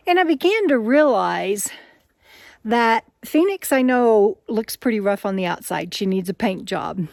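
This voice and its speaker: A woman's voice: a little high, normal speed, dry recording, clean studio sound. A woman telling a story in a casual outdoor vlog while out hiking on a forest trail, a little out of breath and laughing often. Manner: chatty, laughs often, animated retelling. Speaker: RV nomad vlogger.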